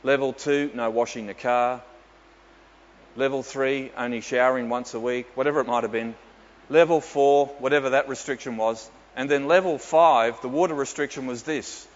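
A man's voice: mid-range voice, steady tone, normal speed. A man, a pastor telling stories with dry humour in a sermon. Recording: dull echoey hall with faint ambience.

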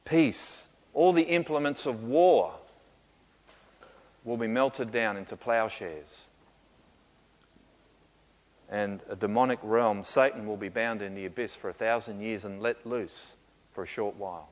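Pastor with reverb in a dull-sounding hall. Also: male voice, on the low side, a little slow, pauses often. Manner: reflective, with frequent fillers and soft laughs. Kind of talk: sermon Q&A. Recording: muffled with long hall reverb.

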